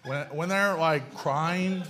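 High-voiced blunt preaching man. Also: slow pace, bright, forceful tone. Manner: emphatic, with rhetorical questions; folksy and blunt. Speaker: pastor. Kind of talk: sermon.

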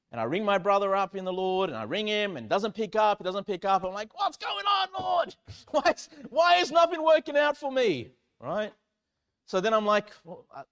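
A male pastor tells a story from the pulpit in a high, bright-toned voice. His delivery is animated, jumping from loud cries to quiet, sinking lines. He sounds like a preacher in full storytelling flow. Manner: animated storytelling, swinging from loud exclamations to hushed low lines. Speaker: church pastor. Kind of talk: sermon storytelling.

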